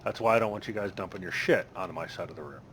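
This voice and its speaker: A man's voice: sits low, very fast, fairly bright tone, slight background noise. A man leading a raid over voice chat. He explains the fight bluntly, swears, and is losing his voice. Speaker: raid leader.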